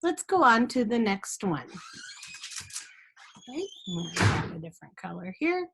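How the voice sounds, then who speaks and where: A woman's voice: mid-range voice, sing-song, moderate pace, creaky, a bit bright, slight background noise. A woman teaching a step-by-step math lesson to young children, patient, with sing-song chants and frequent check-ins.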